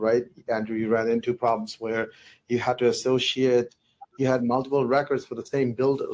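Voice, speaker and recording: A man's voice: medium pitch, darkish tone, poor audio. A man talking on a webinar panel as a tech company executive, rambling and restarting his sentences often.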